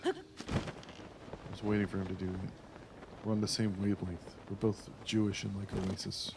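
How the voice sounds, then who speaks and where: A man's voice: fairly low pitch, flat delivery, moderate pace, background noise. A man co-hosting a casual gaming podcast, laid-back and jokey, laughing often. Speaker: podcast co-host.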